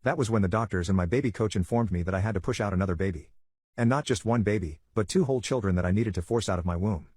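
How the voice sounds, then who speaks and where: A man reading online stories aloud in a rapid, steady read-aloud delivery. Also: on the low side, slightly rough, no echo. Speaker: story narrator.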